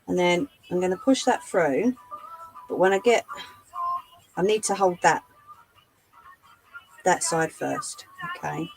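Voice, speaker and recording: A woman hosting a live sewing tutorial, chatting to her viewers as she works, her voice going a little hoarse. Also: lowish voice, animated, slow, pauses often, a little mellow, soft background music, low-quality recording. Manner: chatty, talks to live chat while demonstrating. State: losing her voice. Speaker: craft livestream host.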